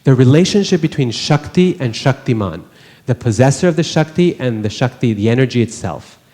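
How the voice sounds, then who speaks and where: Mellow-voiced man lecturing in a hall. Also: mid-range voice, expressive, fairly quick. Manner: conversational, asks the class rhetorical questions. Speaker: religious teacher. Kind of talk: scripture class lecture. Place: temple hall.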